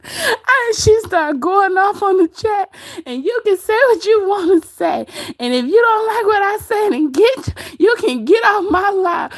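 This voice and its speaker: A woman hosting a casual livestream speaks in a very high-pitched, animated voice, a little slowly, gossiping about another streamer and laughing often as she reads the chat. The recording is dry and studio quality.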